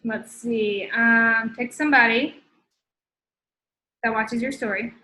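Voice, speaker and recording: Bright, slangy young woman coaching. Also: on the high side, steady tone, slow, reverberant, poor audio. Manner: slangy, thinks aloud, dictates while typing. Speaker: host coaching sellers. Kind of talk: casual instructional live talk.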